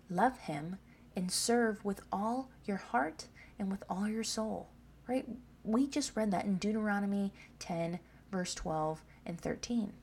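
A woman's voice: mid-range voice, darkish tone, a little hiss or hum. A woman preaching a sermon, reading scripture aloud and pressing her points with repeated questions to the listeners. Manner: emphatic, asks the listeners "Amen?".

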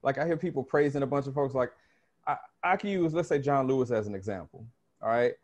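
A man's voice: mid-range voice, fast talker. A man hosting a podcast, chatting casually and rambling with restarts. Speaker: podcast host. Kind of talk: casual chat.

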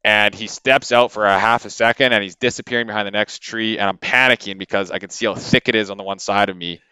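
This Canadian guest on a podcast tells his story quickly into the microphone, in a fairly low-pitched voice with a clean tone and no room sound. He is casual and animated, using many fillers and repeated words.

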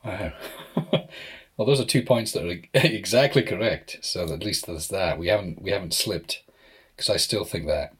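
Husky guy co-hosting a podcast, playful teasing chat, laughs a lot. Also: low-pitched, moderate pace, fairly bright tone. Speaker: podcast co-host. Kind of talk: casual chat.

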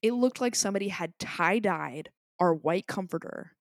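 This podcast co-host is a woman in her twenties with a lowish voice and normal speaking speed. The recording is dry with clean studio sound. She's chatting casually and telling a story, animatedly voicing the quotes of the people involved.

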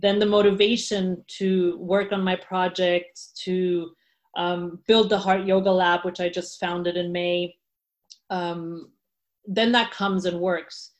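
A woman's voice: lowish voice, level tone, slow. A woman guest in an interview, talking candidly with frequent laughs and restarts. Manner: candid, laughs often, many fillers and restarts. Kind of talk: casual interview talk.

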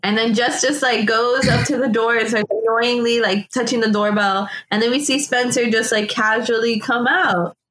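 A woman co-hosting a casual podcast, retelling scenes with animated, profane indignation. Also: on the high side, normal speed, hardly any pauses, rough recording. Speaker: podcast co-host. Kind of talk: casual recap chat.

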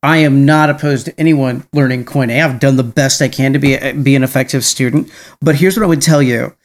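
A man's voice: mid-range voice, steady tone, brisk. A man hosting a podcast in casual chat, rambling with many restarts and frequent tag questions. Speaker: podcast host.

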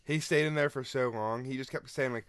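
A man's voice: mid-range voice, brisk, clear, resonant tone, no echo, studio quality. Laughing young man telling stories. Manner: animated storyteller, laughing through his stories. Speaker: podcast co-host. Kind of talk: casual chat.

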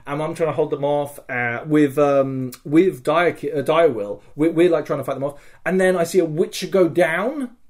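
A man's voice: fairly high pitch, normal speed. A man co-hosting a podcast, telling a story in casual chat with lots of swearing and fillers. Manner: excitable, profane, lots of fillers. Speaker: podcast co-host.

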